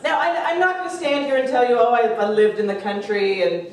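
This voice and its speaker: A woman comedian arguing a comic debate on stage, sarcastic and animated, swearing and mocking people in put-on voices. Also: fairly high pitch, brisk, heavy background noise. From Canada. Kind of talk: stand-up comedy argument. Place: stage in a room with a live audience. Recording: echoey room recorded from a distance.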